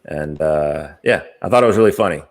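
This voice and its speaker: A man's voice: very deep voice, brisk. An American man hosting a casual podcast chat, rambling with many fillers and easy laughs. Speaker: podcast host.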